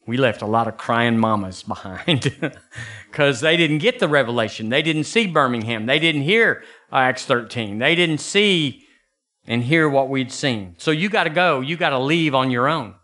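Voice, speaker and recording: Folksy pastor, bright voice. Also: male voice, normal speed. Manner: folksy, animated preaching with sudden high bursts. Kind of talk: sermon.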